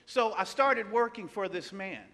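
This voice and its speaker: A man preaching a sermon, telling a personal story with animated delivery and acting out the voices of the people in it. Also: sits high, a little slow. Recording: long hall reverb.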